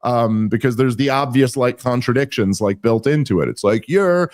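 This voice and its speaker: Man podcast host, sarcastic and animated rant, mid-pitched, dry studio mic. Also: moderate pace, dry recording. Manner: animated, sarcastic, rambling with restarts. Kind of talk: casual political commentary.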